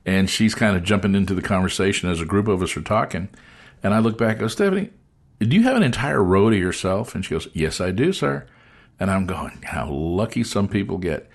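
A man hosting an interview, telling a travel story in a relaxed, chatty way and acting out the people in it. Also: deep voice, fast talker. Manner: animated storyteller acting out dialogue. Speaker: podcast host.

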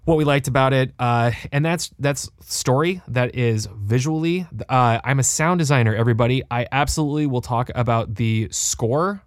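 A young adult man co-hosting a podcast, animated and joking, with a casual, profane way of talking. His voice sits at a middle pitch and the sound is close and dry, recorded in his home studio. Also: normal speed, few pauses, smooth, dry recording. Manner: animated, swears freely, jokey. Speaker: podcast co-host.

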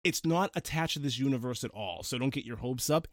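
A man's voice: mid-range voice, a little fast, no echo, clean studio sound. A man hosting a casual movie review chat, enthusiastic and gushing, often stammering as he restarts his sentences. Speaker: podcast host.

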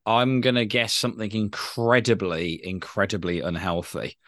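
A man's voice: fairly low pitch, level tone, normal speed, fairly bright tone, dry recording, studio quality. A man co-hosting a podcast, chatting casually and reacting with enthusiasm. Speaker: podcast co-host. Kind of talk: casual chat.

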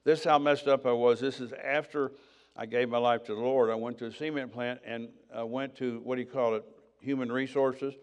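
A man's voice: mid-range voice, steady tone, brisk, clean tone. An older man preaching, telling his own story in a conversational way and acting out the dialogue. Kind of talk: sermon testimony.

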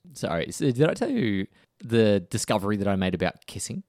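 A man's voice: fairly low pitch, sing-song, normal speed, darkish tone, no room sound, clean studio sound. A man co-hosting a podcast in a jokey, rambling casual chat, with the microphone right at his lips. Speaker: podcast co-host.

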